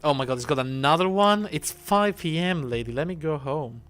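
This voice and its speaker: A man's voice: a little high, moderate pace, fairly bright tone. A man streaming a game, chatting casually, thinking aloud and swearing now and then. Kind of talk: casual gameplay commentary.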